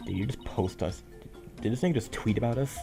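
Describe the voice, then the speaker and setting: A man's voice: on the low side, brisk, vocal fry, over music. A man dubbing a video game, making wry, offhand asides between lines. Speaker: game dubber.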